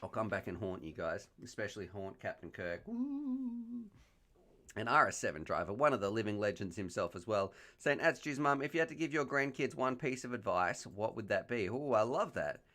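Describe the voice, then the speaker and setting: A man's voice: on the low side, animated, fairly quick, hardly any pauses, bright, forceful tone. A man hosting a casual live stream on a headset mic. He chats, jokes and reads viewer questions aloud. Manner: chatty, joking, reads chat messages aloud.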